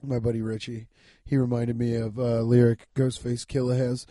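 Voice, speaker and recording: A young man hosting a casual solo podcast, rambling loudly and profanely while lying down and yawning. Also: mid-range voice, little pitch movement, normal speed, no echo, studio quality. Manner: loud, rambling, profane, laughing at his own jokes. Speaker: podcast host.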